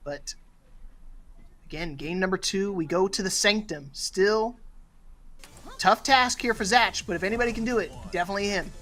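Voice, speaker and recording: Bright, casual esports co-commentator. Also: medium pitch, moderate pace, long pauses. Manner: casual, conversational, jokey. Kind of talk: fighting game tournament commentary.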